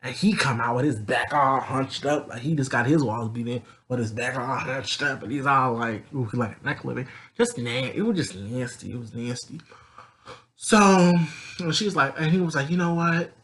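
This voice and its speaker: Man, casual profane recap vlogger, sassy and rambling, bright tone. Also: medium pitch, normal speed.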